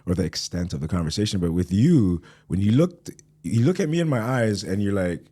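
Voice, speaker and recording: A man with a deep, mellow voice hosts a relaxed podcast conversation. He talks loosely in slang and livens up when he acts out what other people say. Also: brisk, breathy edge. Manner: laid-back, slangy, animated when quoting people. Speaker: podcast host. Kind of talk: casual interview chat.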